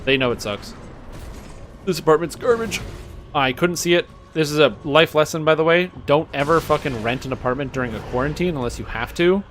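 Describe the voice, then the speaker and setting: A man's voice: on the high side, fast, few pauses, fairly bright tone, faint music behind. Sarcastic young man ranting while gaming. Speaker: game streamer. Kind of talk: casual gameplay commentary. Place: apartment.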